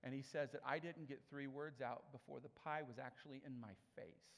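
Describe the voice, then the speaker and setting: A man's voice: medium pitch, fairly quick. Storytelling male preacher in a reverberant hall. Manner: conversational storytelling with animated quoted voices. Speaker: pastor. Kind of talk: sermon. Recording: long reverb of a large hall.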